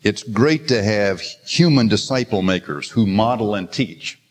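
An older man preaches a sermon in a church sanctuary, his lowish voice expressive and unhurried. Earnest and storytelling in manner, he quotes scripture with emphasis, and the large hall gives a long reverb.

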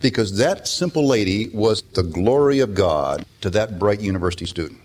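A man's voice: fairly low pitch, lively intonation, normal speed, darkish tone, a little hiss or hum. An older man preaching a sermon in a conversational, storytelling way. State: emotional at times. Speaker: pastor.

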